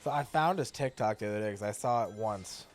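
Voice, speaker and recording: A man's voice: fairly low pitch, fairly quick, faint music behind. A young man in a casual, crude chat, swearing freely and laughing often as he tells stories.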